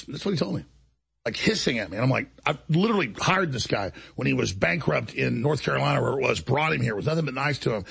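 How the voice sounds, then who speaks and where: A man's voice: medium pitch, expressive, fast, creaky, a bit bright, husky. A man hosting a talk show, delivering an indignant monologue and acting out other people's lines as he tells the story. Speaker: show host.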